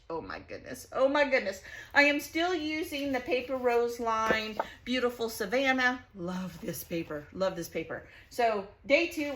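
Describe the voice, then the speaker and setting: Middle-aged woman, scrapbooking vlog host, chatty and giggly, bright tense voice, pitched a bit high. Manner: bubbly, laughs often while telling stories.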